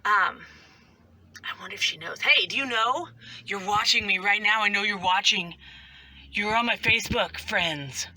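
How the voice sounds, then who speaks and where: A woman's voice: medium pitch, moderate pace, sharp tone. A woman vlogger and mother chatting casually to camera, rambling and self-mocking with lots of asides.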